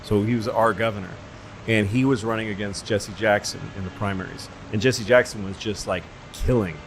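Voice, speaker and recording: A man's voice: lowish voice, fairly quick, slight background noise. Middle aged guy from massachusetts telling stories on a podcast, does all the voices. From Massachusetts, USA. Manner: animated storyteller, acts out quoted voices loudly. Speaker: podcast host. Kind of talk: casual storytelling chat.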